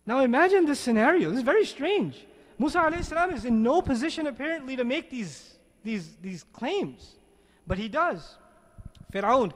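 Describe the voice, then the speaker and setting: A man with a very high voice tells a sermon as a lively story. He keeps asking the audience rhetorical questions. His voice rings with a long reverb, as if in a large hall. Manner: animated, many rhetorical questions. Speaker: preacher.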